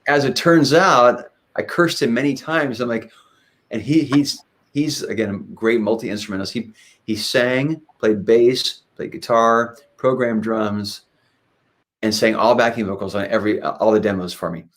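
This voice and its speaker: A mid-range male voice at a moderate pace belongs to a guest musician, a singer and guitarist, swapping stories in a casual interview. He keeps restarting and filling gaps with fillers as he rambles, brightening up during anecdotes.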